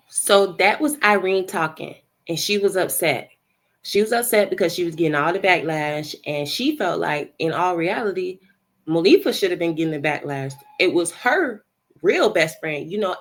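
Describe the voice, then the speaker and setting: Woman podcast host, lower pitch, calm explainer. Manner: measured, explanatory. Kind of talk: podcast recap narration.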